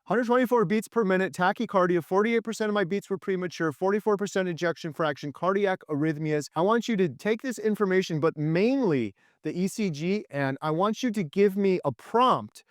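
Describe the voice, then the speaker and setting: A man's voice: sits high, brisk, hardly any pauses, no echo, clean studio sound. A middle-aged man hosting his own channel, chatting with enthusiasm to his viewers. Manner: enthusiastic, animated. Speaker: channel host. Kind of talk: casual video chat.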